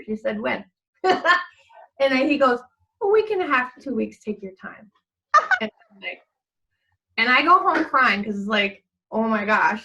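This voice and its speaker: Brief: middle-aged woman, easy mid-pitched voice, rambling anecdotal guest who laughs a lot. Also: bright, forceful tone, slight background noise, rough recording. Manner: rambling storyteller who laughs often and acts out quotes. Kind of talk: casual chat.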